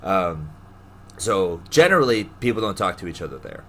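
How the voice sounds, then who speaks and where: A man's voice: deep voice, normal speed, slight background noise. Laughing young man telling gym stories. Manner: animated storyteller, laughs often, acts out quoted people. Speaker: podcast co-host. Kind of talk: casual chat.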